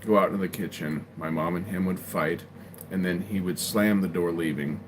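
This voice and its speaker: A man's voice: deep voice, steady tone, normal speed, noisy background. A man livestreaming from his home, telling a rambling personal story in a casual way and often checking in with "right?". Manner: rambling, tags lines with "right?". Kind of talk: casual storytelling to a live chat. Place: at home, indoors.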